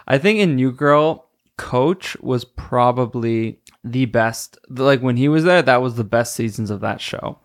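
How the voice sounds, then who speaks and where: A man's voice: mid-range voice, moderate pace, fairly bright tone. A man hosting a solo podcast, rambling casually, laughing often and stopping to search for names. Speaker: podcast host.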